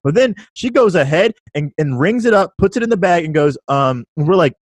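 A man in his twenties co-hosting a casual podcast, telling stories in a lively way and laughing often. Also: a little high, brisk, dry recording. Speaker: podcast co-host. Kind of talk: casual chat.

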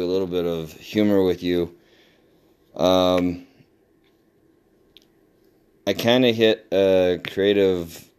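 A man's voice: low voice, smooth. A middle-aged man hosting a podcast, telling a home story in a loose, rambling way with fillers and laughs. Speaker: podcast host. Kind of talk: casual storytelling monologue.

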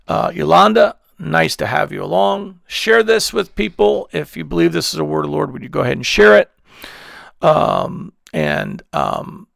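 A man's voice: on the high side, gravelly, fairly bright tone, no echo, studio quality. A man preaching an earnest devotional message to online listeners, then leading them in prayer. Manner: earnest, repetitive, affectionate, drops to near-whisper at times. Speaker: pastor.

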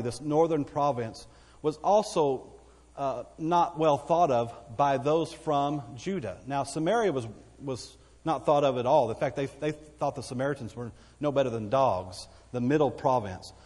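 A man's voice: medium pitch, expressive, normal speed, darkish tone, long reverb tail. A man with a Texan accent preaching a sermon as pastor, folksy and conversational, with asides to the congregation. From Texas.

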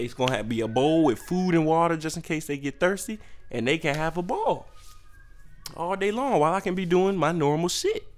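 A young man hosting a podcast, ranting in a profane, animated way with sudden jumps in pitch. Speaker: podcast host. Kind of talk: solo comedic rant.

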